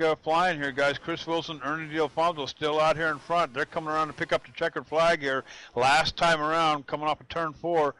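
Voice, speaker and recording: A man's voice: fairly high pitch, fairly even intonation, fairly quick, few pauses, pushed and bright, smooth, rough recording. A man doing play-by-play commentary on a sim race, folksy and chatty, often repeating "I'll tell you what.".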